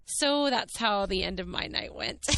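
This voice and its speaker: A woman podcast host tells a rambling story in a chatty, animated way. Her voice is bright and crisp, and the recording is dry and close with no room sound. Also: medium pitch, measured pace, dry recording. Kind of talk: casual storytelling monologue.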